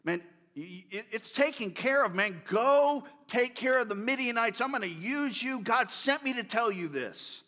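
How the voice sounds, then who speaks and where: A preacher playing an offhand heavenly messenger. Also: male voice, very high voice, lively intonation, moderate pace, sharp tone, full character voice. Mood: reassuring. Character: calm male heavenly messenger, brushing off complaints.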